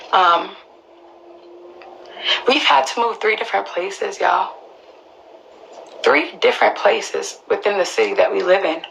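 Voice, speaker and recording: A woman's voice: on the low side, gravelly, fairly bright tone, slight background noise, poor audio. A woman, telling her own story to viewers in an emphatic, profane way. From Queens, New York. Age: early 20s. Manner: emphatic, profane, restarts often.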